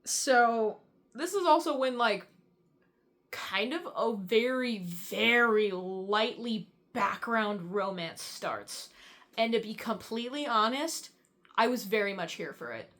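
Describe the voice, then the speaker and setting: A woman's voice: a little high, lively intonation, slow pace, fairly bright tone. A young woman giving a casual, rambling book breakdown, chatty and full of fillers and swearing. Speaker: book reviewer.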